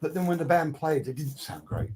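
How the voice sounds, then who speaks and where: Guesting on a video call, an older record producer tells studio anecdotes in a rambling, casual interview, swearing freely and frequently starting sentences over. He acts out quotes with energy. His fairly quick voice sits on the high side for a man.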